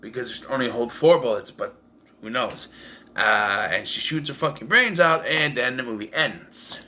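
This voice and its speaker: A man's voice: medium pitch, moderate pace, sharp tone, a little hiss or hum. A man giving a casual home-made movie review, rambling and blunt, with profanity and frequent restarts, recorded on a camera propped up in a room at home. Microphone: camera propped on taped-together cases.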